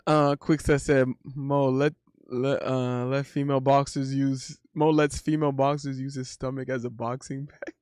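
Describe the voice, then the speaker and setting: A man streaming casual banter in a playful, animated way, breaking into silly sound effects. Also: medium pitch, normal speed, clear, resonant tone, no echo, studio quality.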